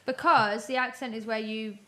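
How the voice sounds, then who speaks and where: A woman co-hosting a podcast in casual chat, teasing with quick quips. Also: on the high side, steady tone, a bit bright. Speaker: podcast co-host.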